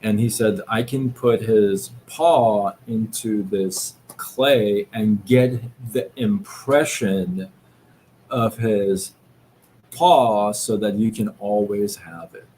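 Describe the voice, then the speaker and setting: A man hosting a live stream, giving a casual motivational talk in a slow, reflective way, with many fillers and restarts. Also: on the low side, dark tone, slight background noise. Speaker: livestream host. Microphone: live-stream setup.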